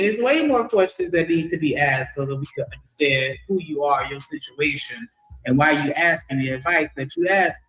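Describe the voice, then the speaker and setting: A man's voice: on the high side, moderate pace, fairly bright tone, roomy sound, low-quality recording. A man casually reacting on a podcast, scoffing in exasperation at a caller's question.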